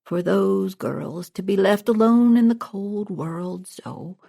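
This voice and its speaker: A woman reading a storybook, voicing a scheming old male con man who poses as a king and speaks slowly and with false piety. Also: medium pitch, dark tone, exaggerated voice. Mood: slow, oily. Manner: slow, smooth, falsely pious talk.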